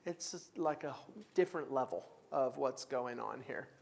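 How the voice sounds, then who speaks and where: A man's voice: medium pitch, unhurried, gravelly, a little mellow, slight background noise. A man leading a church Bible class in a conversational way, taking comments and reading scripture aloud with emphasis. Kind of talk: church class teaching with discussion.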